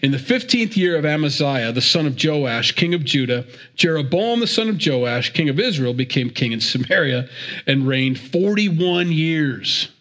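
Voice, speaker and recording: A man's voice: a little high, expressive, moderate pace, a bit bright. A man giving a conversational Bible teaching, chatty and digressive, with repeated words and chuckles.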